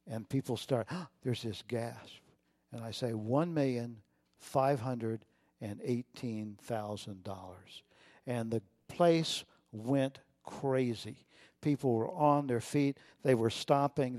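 A middle-aged man preaching a sermon, telling a personal story with feeling and swinging between loud and soft. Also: medium pitch, no room sound, clean studio sound. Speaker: pastor.

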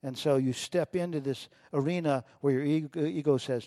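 A middle-aged man preaching a sermon, telling a personal story with feeling and swinging between loud and soft. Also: mid-range voice, normal speed, few pauses, dry recording, studio quality. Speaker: pastor.

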